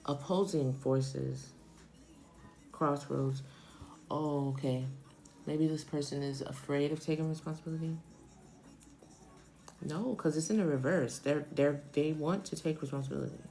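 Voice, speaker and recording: A woman's voice: deep voice, fairly even intonation, moderate pace, dark tone, faint music behind, rough recording. A woman in her forties giving a casual, chatty tarot reading on a live stream, thinking aloud and wandering off topic. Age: 40s. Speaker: tarot reader.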